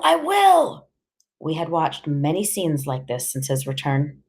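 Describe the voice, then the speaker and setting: A woman narrates an audiobook with a low, grounded voice. Her reading is measured and steady, never rushed. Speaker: audiobook reader. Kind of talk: scripted narration.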